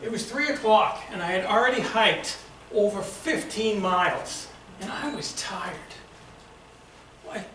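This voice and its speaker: High, bright-voiced man with a Boston accent. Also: a little hiss or hum. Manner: lively storyteller, acts out shouted quotes. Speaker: club speaker. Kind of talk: prepared storytelling speech. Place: club meeting room. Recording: echoey room from far off.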